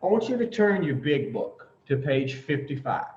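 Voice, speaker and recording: A man teaching the twelve steps of recovery to a group, emphatic and blunt, with long pauses and the odd curse. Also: fairly high pitch, very animated, darkish tone. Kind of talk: informal recovery talk to a group. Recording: roomy, distant, dull lo-fi sound.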